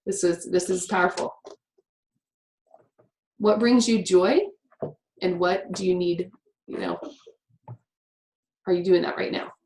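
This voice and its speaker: A woman leading a class through writing prompts, chatty and quick, with many "like" fillers. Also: lowish voice, darkish tone. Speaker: workshop teacher. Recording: echoey room with faint noise.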